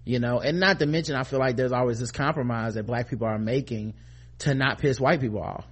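A man talking as a podcast co-host in casual commentary, animated and profane, with frequent fillers and restarts that rise into emphatic outbursts. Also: medium pitch, a little fast.

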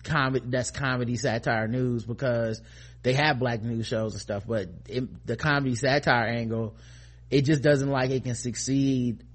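A man talking as a podcast co-host in casual commentary, animated and profane, with frequent fillers and restarts that rise into emphatic outbursts. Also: medium pitch.

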